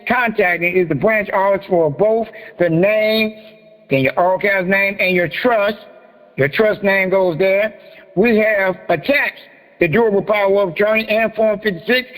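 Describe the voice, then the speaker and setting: A man with a high voice hosts a private group talk, cracking crude jokes and laughing before reading a document line by line. His voice rings with a long reverb. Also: a bit bright. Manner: joking, profane and laughing, then reading out a form letter. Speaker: host of a private group meeting. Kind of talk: casual teaching talk.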